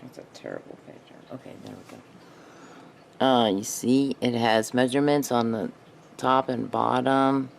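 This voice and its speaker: Woman craft host, low voice, slow unhurried delivery, thinking aloud at her craft table, faint noise behind. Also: animated, gravelly. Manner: thinks aloud while working, self-talk. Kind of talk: casual craft tutorial narration.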